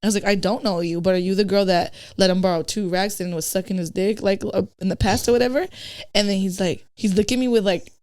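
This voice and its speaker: Speaking at a quick pace in a medium-pitched voice, a woman guesting on a podcast tells a story casually. She's blunt and swears, animatedly reenacting the conversation and who said what.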